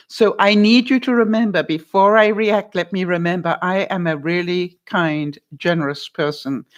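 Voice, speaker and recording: A woman coaching someone through a hard conversation on her advice vlog. She talks in an encouraging, playful way, laughs often and keeps checking in with "all right?". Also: fairly low pitch. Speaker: vlogger giving life advice. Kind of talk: coaching talk to a guest.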